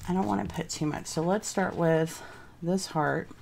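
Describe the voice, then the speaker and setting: A woman's voice: fairly low pitch, normal speed, gravelly, a little mellow, slight background noise. A young woman crafting at home, chatting casually and thinking aloud while she changes her mind. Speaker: craft vlogger.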